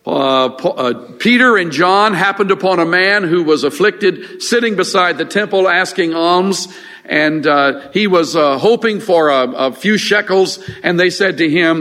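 A man's voice: high-pitched, bright, forceful tone. Older male pastor preaching in a reverberant hall. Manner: earnest, halting with restarts and fillers. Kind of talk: sermon. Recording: long reverb of a large hall.

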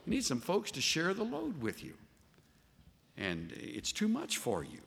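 A man preaching a sermon as a pastor, animated and voicing the figures he quotes. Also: high-pitched, measured pace, creaky, a little hiss or hum. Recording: long hall reverb.

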